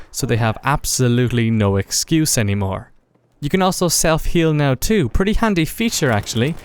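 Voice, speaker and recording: A man's voice: medium pitch, clean tone. A man narrating a gameplay video in a casual, enthusiastic commentary voice-over. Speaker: gaming video creator.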